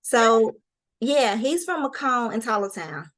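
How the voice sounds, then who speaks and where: A woman's voice: fairly high pitch, animated, a little slow, fairly bright tone. A woman from North Carolina with a Southern accent, hosting a casual interview in a playful, folksy way. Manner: playful, folksy, calls people girl and honey. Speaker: host.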